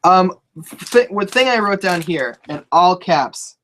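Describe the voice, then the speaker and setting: Man, slightly high voice, rambling casual chat, swears freely, laughs often. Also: expressive, a little slow, a bit bright, a little hiss or hum. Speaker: co-host of a live wrestling talk show.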